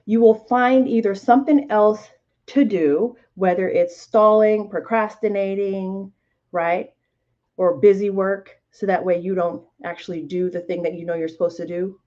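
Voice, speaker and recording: A woman hosting a self-help podcast as a life coach, speaking deliberately and emphatically and repeating key phrases. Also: mid-range voice, steady tone, warm tone, lo-fi sound. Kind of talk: motivational self-help talk.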